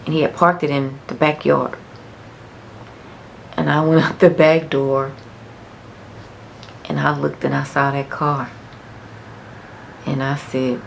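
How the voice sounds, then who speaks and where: A woman's voice: low-pitched, flat delivery, unhurried, gravelly, long pauses, slight background noise. A woman vlogger telling a personal story in a frank, casual, reminiscing way.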